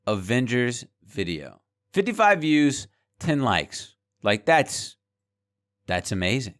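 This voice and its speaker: A man's voice: medium pitch, sing-song, slow pace, a bit bright. Frank, swearing young-sounding man venting. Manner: frank and heated, swears freely, repeats words when worked up. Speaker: small gaming YouTuber and streamer. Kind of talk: candid vlog rant to camera.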